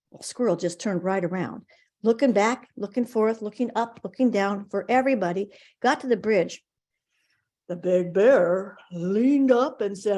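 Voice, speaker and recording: Expressive woman telling a folk tale. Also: mid-range voice, unhurried. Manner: rhythmic, expressive narration. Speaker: storyteller. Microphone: video call.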